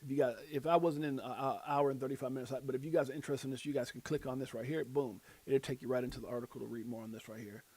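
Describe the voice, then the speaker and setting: A man's voice: medium pitch, steady tone, racing, hardly any pauses, darkish tone, slightly rough. A man hosting a casual live stream, rambling and self-deprecating, using slang as he reads quotes and headlines. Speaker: livestream host.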